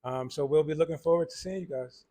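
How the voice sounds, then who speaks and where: A man, a chef and restaurant owner, answering interview questions in a soft-spoken way with frequent pauses and fillers. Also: fairly high pitch.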